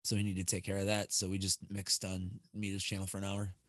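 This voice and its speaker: A man's voice: deep voice, monotone, fast, dry recording. Laid-back swearing male streamer, dry sound. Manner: loose and profane, laughs often. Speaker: livestream co-host mixing e-liquids. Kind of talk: casual livestream chat.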